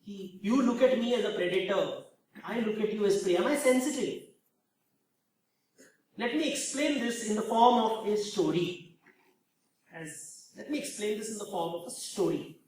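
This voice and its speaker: A man with an Indian English accent giving an animated storytelling lecture, full of rhetorical questions, in a large hall. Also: sits high, normal speed, long pauses. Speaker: speaker. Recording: very echoey hall, far from mic.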